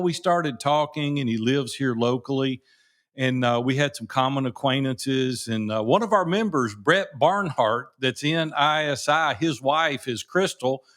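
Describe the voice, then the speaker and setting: A middle-aged man co-hosting a podcast from his home office, telling anecdotes in a lively, casual way and laughing easily. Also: mid-range voice. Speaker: podcast co-host. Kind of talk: casual storytelling chat.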